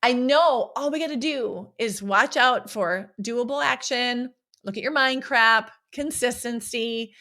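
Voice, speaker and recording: Woman podcast coach, bright and slightly high voice, peppy and playful, casual solo delivery. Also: a little slow. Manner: energetic and playful, often ends points with "right?".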